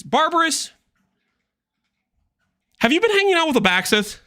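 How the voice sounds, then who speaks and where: A man streaming a game, chatting with viewers in an animated, teasing way with quick asides. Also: extremely high pitch. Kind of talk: livestream chat with viewers.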